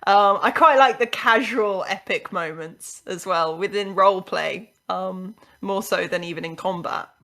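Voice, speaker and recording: A woman's voice: medium pitch, a little slow, hardly any pauses, fairly bright tone. A woman guest in a casual podcast chat, enthusiastic and full of fillers.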